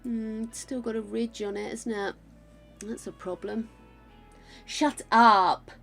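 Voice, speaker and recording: An older woman talks casually to her stream audience while she builds in a game. Her voice is croaky and gravelly from a sore throat, though it sits a little high. She gushes thanks to viewers and pokes fun at herself, with soft music in the background. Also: little pitch movement, moderate pace. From England. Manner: chatty and self-mocking, gushing thanks to viewers.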